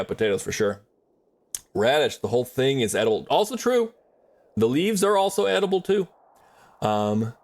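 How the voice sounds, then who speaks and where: A man's voice: medium pitch, darkish tone. A man chatting casually on a livestream while drawing, rambling in a friendly way with many fillers and restarts.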